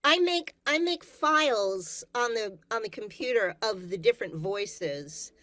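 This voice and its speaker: A woman audiobook narrator in a panel discussion, speaking in a halting, thoughtful way. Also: mid-range voice, expressive, fairly bright tone, dry recording.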